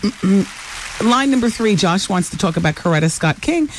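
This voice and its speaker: Woman hosting call-in radio, quick teasing banter, lively swooping voice. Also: mid-range voice, slight background noise. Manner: brash, teasing, quick-witted. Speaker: radio call-in show host.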